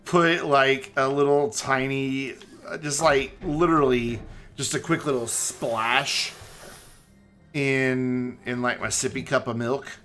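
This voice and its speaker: A man streaming a game, chatting casually and joking in a rambling, animated way. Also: mid-range voice, slow, faint music behind. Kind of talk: casual chat while playing a game.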